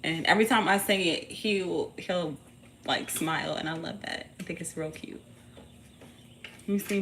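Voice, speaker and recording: A woman hosting a tarot livestream speaks at normal speed in a bright, forceful, medium-pitched voice with lively intonation, against slight background noise. She's playful, slangy, and profane, laughing in bursts and teasing a baby between readings.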